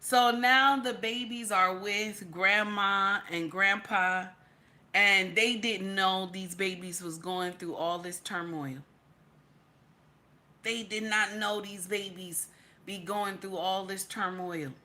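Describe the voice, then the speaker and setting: A woman's voice: medium pitch, steady tone, slow pace, bright, forceful tone. A woman hosting a casual livestream, repeating her phrases for emphasis and reading chat comments aloud. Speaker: livestream reaction host.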